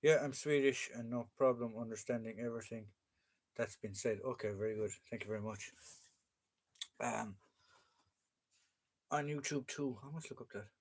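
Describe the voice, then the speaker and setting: A man with an Irish accent hosts a casual live chat, reading viewer comments and joking with frequent fillers. His voice is mid-range and his pace moderate, with long pauses.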